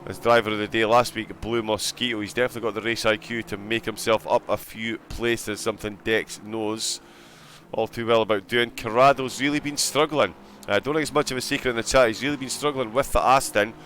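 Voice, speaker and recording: A man commentating on an online sim racing qualifying session, excitable and joking. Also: on the low side, slight background noise. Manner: excitable, fast-talking, joking.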